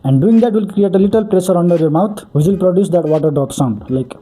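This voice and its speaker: A man's voice: high voice, fast. A man hosting a beatbox tutorial, explaining each step earnestly and repeating "really, really" for emphasis.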